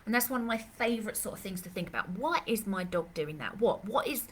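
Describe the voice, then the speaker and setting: A woman runs a live puppy Q&A as a dog trainer. She talks in a loose, rambling way, full of ums and restarts, at an ordinary pitch. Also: lively intonation, a little fast. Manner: chatty, rambling, many fillers and restarts. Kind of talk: live Q&A session.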